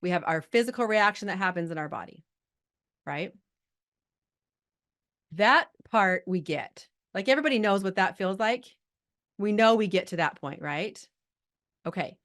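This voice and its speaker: A woman's voice: medium pitch, expressive, moderate pace, pauses often, fairly bright tone. A middle-aged woman leading a live coaching call, chatty and filled with likes and rights as she talks straight to her group. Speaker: business coach.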